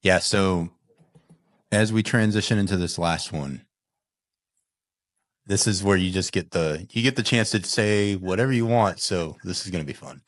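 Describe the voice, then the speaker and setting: A man hosting a podcast, asking his guest questions in a relaxed way. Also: low-pitched, moderate pace, long pauses, dry recording, studio quality. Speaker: podcast host. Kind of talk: interview questions.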